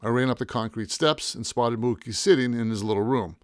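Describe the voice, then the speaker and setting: A man narrating a first-person story in a wry, deadpan way. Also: mid-range voice, brisk, no echo, clean studio sound. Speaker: audiobook narrator.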